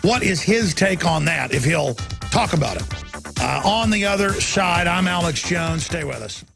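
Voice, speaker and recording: A man's voice: a little high, expressive, moderate pace, over music. A man hosting a talk radio show, delivering an indignant, emphatic monologue. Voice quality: gravelly, raspy.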